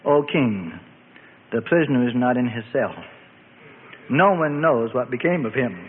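A man voicing a frightened palace governor who speaks low and quietly to his king. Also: unhurried, lightly acted. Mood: fearful. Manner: low, hushed, quaking. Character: fearful cringing male palace governor. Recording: phone-like band with long reverb and faint noise.

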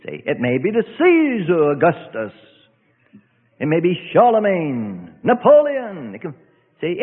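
A male preacher giving an emphatic sermon in a church assembly hall, often breaking in with "see?". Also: on the high side. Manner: emphatic, repetitive, keeps asking "see?". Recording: echoey hall, tinny phone-like sound.

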